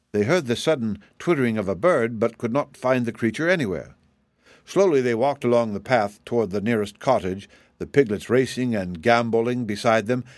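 A man narrating a storybook audiobook in a measured, even way. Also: fairly low pitch, no room sound.

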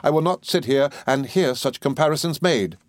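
A man's voice: mid-range voice, very animated, darkish tone, no echo, studio quality, voice pushed up. Miss Murdstone, a harsh spinster voiced by a man. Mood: scornful. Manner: scolding, clipped, drawn-out words. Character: harsh stern spinster woman, cold and sharp.

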